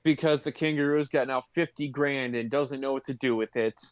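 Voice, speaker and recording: A man's voice: medium pitch, steady tone, moderate pace, smooth, no room sound, studio quality. A man co-hosting a podcast, casually recapping a movie in a laid-back, joking way and laughing often. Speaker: podcast co-host.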